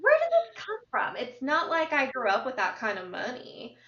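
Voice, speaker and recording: A woman co-hosting a podcast, chatting casually as an animated storyteller who fills her talk with ums and uhs. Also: high-pitched, normal speed. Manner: animated storyteller, lots of fillers. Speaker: podcast co-host. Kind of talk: casual chat. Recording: roomy, distant, dull sound.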